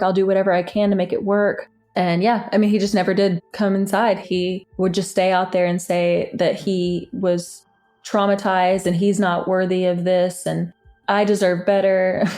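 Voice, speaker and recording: A woman's voice: on the low side, darkish tone. A woman candidly recounting a painful relationship, reading old text messages aloud with exasperation. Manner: candid, exasperated, laughs at times. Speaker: interviewee recounting her story. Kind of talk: personal storytelling, reading texts aloud.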